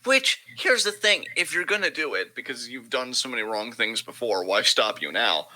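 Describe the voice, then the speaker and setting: A man co-hosting a casual wrestling commentary podcast, talking in an animated, sarcastic way and swearing freely. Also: medium pitch, normal speed, rough recording. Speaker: podcast co-host.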